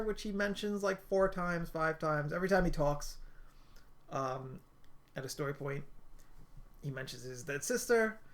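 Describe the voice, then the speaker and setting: A man's voice: a little high, a bit bright. A man giving a casual, rambling game review, full of filler words and restarts. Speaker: gaming video creator.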